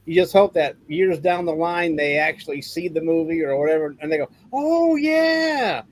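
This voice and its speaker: A man co-hosting a casual podcast, talking in halting, rambling sentences. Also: a little high, flat delivery, no room sound, poor audio. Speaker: podcast co-host. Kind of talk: casual chat.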